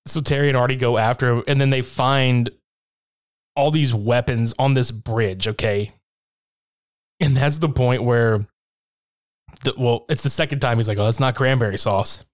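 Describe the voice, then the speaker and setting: A man in casual chat, recapping a horror film with lots of swearing and laughter, acting out lines in quick impressions. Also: medium pitch, fairly even intonation. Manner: profane, laughing, acts out scenes in quick impressions. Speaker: podcast co-host recapping a film.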